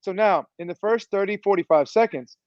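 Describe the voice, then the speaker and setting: A man who works as a performance coach, talking as a guest in an energetic, motivational way over a video call. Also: high voice, a little fast, dull audio, slight background noise. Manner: fired-up, motivational, preachy delivery. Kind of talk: energetic podcast interview talk.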